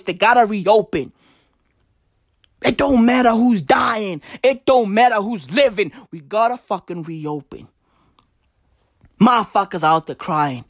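Slow-drawling, profane woman ranting. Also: medium pitch, animated, dry recording, studio quality. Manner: drawling, slangy, swears a lot, repeats lines. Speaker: comedic ranter. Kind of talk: profane comedic rant.

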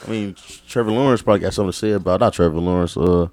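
A young man co-hosting a podcast, bantering casually about football with relaxed slang. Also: low-pitched, very fast, dry recording. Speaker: podcast co-host. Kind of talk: casual sports chat.

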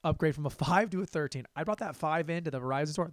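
Speaking fast and high with hardly a pause, a young stand-up comic delivers a casual solo monologue on the podcast he hosts. It's profane, self-deprecating, and full of laughter, recorded dry at studio quality.

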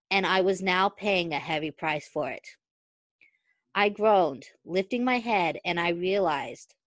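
A woman's voice: medium pitch, no room sound. Dry-voiced woman reading fan fiction. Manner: expressive storytelling with breaks into laughter. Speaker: podcast co-host reading fan fiction aloud.

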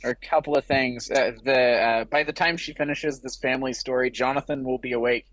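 A man's voice: medium pitch, fairly even intonation, brisk, a bit bright, dry recording. A man giving friendly feedback in a casual group chat, stammering now and then.

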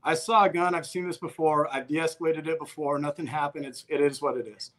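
A man's voice: fairly high pitch, fairly even intonation, fairly quick, fairly bright tone. A man telling a personal story in a casual conversation, in a blunt, profane way, often acting out what people said. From Albuquerque, New Mexico. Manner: profane, blunt, acts out quoted exchanges.

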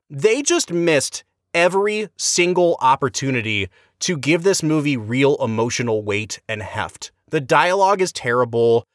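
Male podcast critic, slightly higher voice, dry booth sound, exasperated and emphatic. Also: normal speed, dry recording. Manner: animated, emphatic, exasperated critique with big pitch swings. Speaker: podcast co-host, film reviewer. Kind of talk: casual podcast movie review.

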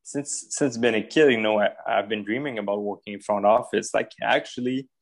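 A man's voice: fairly low pitch, brisk. A man in his thirties from Ottawa with a French accent, a pro football executive talking casually as a guest in an interview and leaning on lots of fillers. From Ottawa, Canada. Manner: easygoing, many fillers and restarts.

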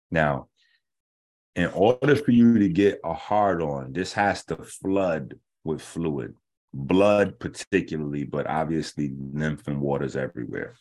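A man hosting a health show, lecturing bluntly and profanely in a casual rant, slowing down to explain points step by step. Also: a bass voice, a little mellow. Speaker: host of a natural health show. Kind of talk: ranting casual commentary.

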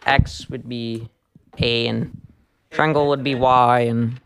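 A man's voice: medium pitch, steady tone, takes it slowly, vocal fry, noisy background. A teenage boy guest in casual chat, hesitant with many ums.

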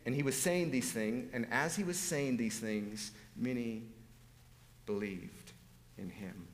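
Emphatic preacher in a reverberant hall. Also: male voice, medium pitch, takes it slowly. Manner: animated, emphatic, swings between loud exclamations and hushed asides. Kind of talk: sermon.

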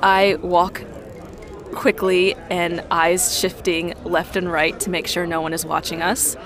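A woman narrating her own moves in an improvised role-play, in a brisk storytelling manner. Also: fairly low pitch, level tone, a crowd in the background. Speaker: player narrating her actions.

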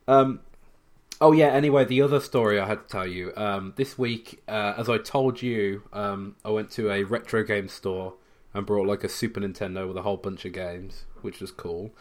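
A man's voice: lowish voice, fairly even intonation, moderate pace. A man co-hosting a podcast, telling stories in casual chat with lots of fillers and restarts. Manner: rambling storyteller, many fillers and restarts. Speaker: podcast co-host.

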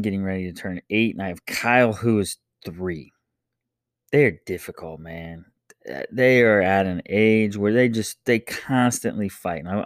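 A man in his thirties hosting a casual solo podcast. He tells a family story in a lively, animated way, laughing often and jumping into high voices. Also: no echo, studio quality. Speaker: podcast host.

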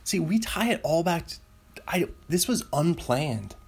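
A man's voice: on the high side, sing-song, measured pace, vocal fry, slightly rough. A man hosting his own show, chatting casually on his own, rambling and laughing at his own jokes. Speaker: podcast host. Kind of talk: casual solo chat.

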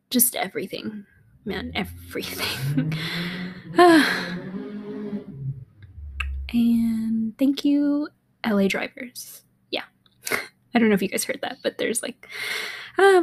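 Chatty young woman rambling with laughs. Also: fairly high pitch. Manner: chatty and rambling, laughs often, drops to half-whispers. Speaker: podcast host. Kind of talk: casual solo podcast monologue. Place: apartment in a city.

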